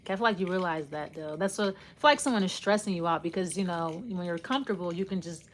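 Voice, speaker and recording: A woman with a slightly low voice talks through a tarot spread in a loose, casual way. She rambles and restarts, following her hunches as they come. A faint hiss sits behind her voice. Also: fast. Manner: rambling and intuitive, often trailing off and restarting. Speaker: tarot reader. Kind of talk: casual spoken tarot reading.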